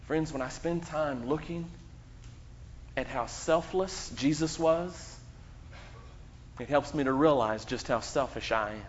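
A man pastor delivering a sermon, preaching emphatically with dramatic pauses and quoting scripture. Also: slight background noise. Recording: muffled low-fidelity sound.

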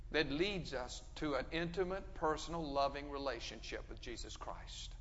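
A man preaching a sermon, emphatic, pushing his voice up loud and dropping it low. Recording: dull sound with long hall reverb.

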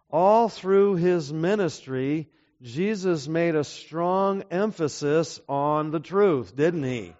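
A man's voice: fairly high pitch, slow, darkish tone. A man preaching a sermon in an earnest way, often asking the audience to agree with him. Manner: earnest, asks the audience to affirm. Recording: dull lo-fi recording.

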